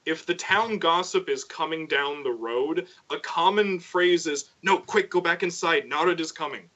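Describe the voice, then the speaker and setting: A man on a casual podcast stream, retelling a myth in lively detail and briefly voicing the characters as he goes. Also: fairly high pitch, normal speed. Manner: animated storyteller, voices characters in passing. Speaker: co-host. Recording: dull lo-fi sound.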